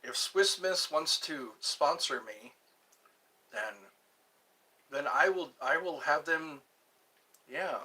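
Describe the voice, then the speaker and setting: Taking his time and pausing often, a man hosts a casual solo vlog on his channel, wandering through topics as he thinks out loud. His voice is on the high side, pushed and bright, and sits a bit far from the mic.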